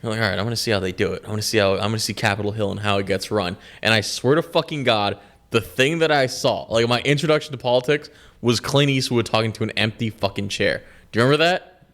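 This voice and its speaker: A man's voice: fairly low pitch, fast talker, fairly bright tone. A man in his twenties co-hosting a podcast, chatting casually in a rambling, profane way and laughing often. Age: 20s. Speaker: podcast co-host. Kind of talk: casual chat.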